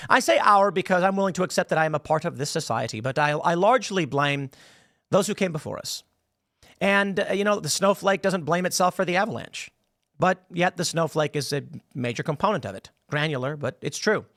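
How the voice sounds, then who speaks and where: A man's voice: fairly high pitch, animated, fairly quick, fairly bright tone, no room sound. A man hosting opinionated political commentary in a combative, sarcastic manner from a small studio.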